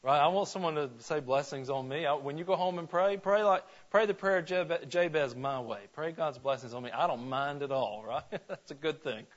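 Man from Georgia, pastor type, slightly high voice, folksy conversational preaching, lo-fi church recording. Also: moderate pace, hardly any pauses. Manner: folksy, asks the congregation questions, frequent restarts. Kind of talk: conversational sermon. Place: church sanctuary.

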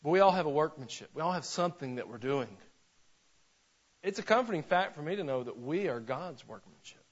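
A male pastor preaching a sermon in church, folksy, with joking asides, slowing down to stress scripture. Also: a little high, lively intonation, highs cut off.

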